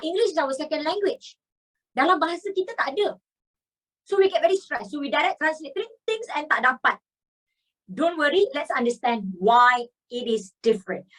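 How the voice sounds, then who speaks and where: Lively high Malaysian woman teacher. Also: distant mic, rough recording. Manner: chatty, coaxing, stretches key words. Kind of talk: grammar lesson mixing English and Malay.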